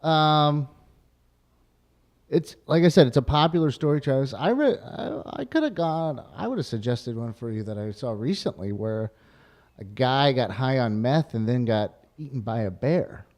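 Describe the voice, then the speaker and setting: A man's voice: mid-range voice, expressive, moderate pace, a little mellow. A man hosting a comedic podcast and keeping score, teasing his co-hosts in a dry way.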